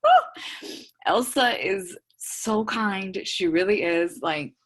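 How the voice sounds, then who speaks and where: A young woman with a Texan accent who talks fast on a group call, warm and heartfelt, full of "like" fillers. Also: mid-range voice. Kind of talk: emotional call sharing.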